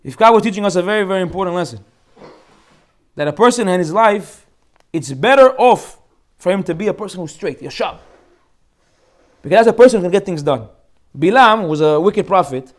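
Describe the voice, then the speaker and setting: A man teaching an informal Torah class as a rabbi, animated and joking as he acts out the people in his stories. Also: high-pitched, brisk, pauses often.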